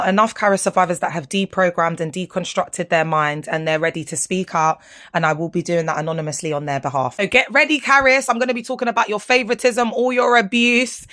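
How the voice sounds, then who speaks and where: Indignant, animated woman. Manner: animated, indignant, slangy, swings between low asides and high exclamations. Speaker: vlogger speaking out about her former church. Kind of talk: commentary over photos, talking to viewers.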